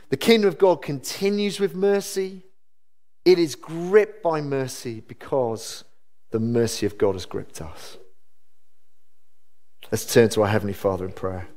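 A man preaching a sermon in a church, earnest and conversational, with sudden lively rises. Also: a little high. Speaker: pastor.

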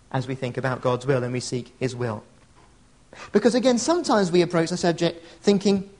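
A man's voice: high-pitched, a little mellow. A middle-aged man preaching a sermon, earnest and conversational, with storytelling asides. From England.

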